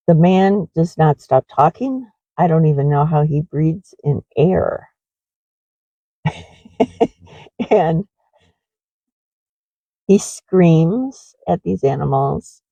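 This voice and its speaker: A woman's voice: sits low, dark tone, no room sound, highs cut off. A middle-aged woman who runs a horse ranch, rambling in a confessional way with many fillers in a casual walking vlog.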